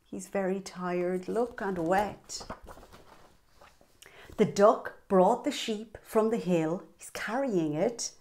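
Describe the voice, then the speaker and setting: A woman reading a picture book aloud to young children, animated and sing-song, pointing out the pictures as she goes. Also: medium pitch, takes it slowly. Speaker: children's storyteller.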